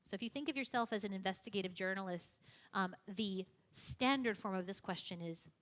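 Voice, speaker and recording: A woman's voice: mid-range voice, a little fast, a bit bright. A young woman giving a conversational teaching talk, chatty and self-deprecating, with frequent casual asides. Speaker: youth apologetics teacher.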